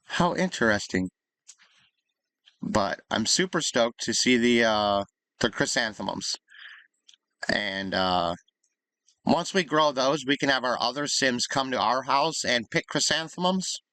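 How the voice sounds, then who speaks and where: A man's voice: mid-range voice, animated, measured pace, pushed and bright, no room sound. A man casually commenting on his life-sim gameplay, thinking aloud in an easygoing, chatty way. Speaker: gaming YouTuber.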